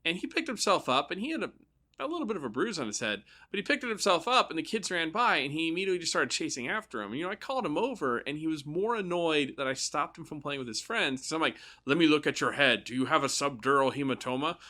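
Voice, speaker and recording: A man's voice: on the high side, fast. A man as a podcast guest in casual chat, telling stories animatedly and acting out kids' voices. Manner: animated storyteller who acts out voices of kids. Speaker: podcast guest, game designer.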